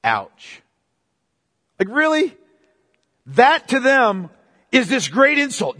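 A man's voice: very high voice, sing-song, unhurried, long pauses, fairly bright tone, breathy edge. A man preaching a sermon, emphatic and casual, repeating his phrases, recorded in a church hall. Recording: long reverb of a hall.

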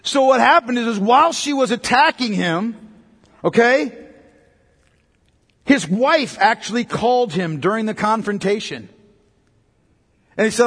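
High-voiced preaching man in a reverberant hall. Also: animated, unhurried, long pauses, slightly rough. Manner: swings from loud emphatic to quiet and low. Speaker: pastor. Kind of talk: sermon.

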